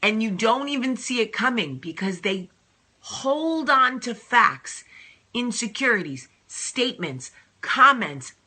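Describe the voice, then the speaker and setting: A woman hosting a casual advice vlog, talking in an animated, emphatic and sassy way. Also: a little high, slow, husky. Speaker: host.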